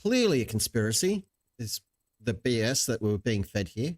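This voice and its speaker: Wry, lively-voiced man hosting. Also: medium pitch, normal speed. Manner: wry, chatty, sarcastic asides. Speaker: channel host reacting to a video. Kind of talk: casual live-stream commentary.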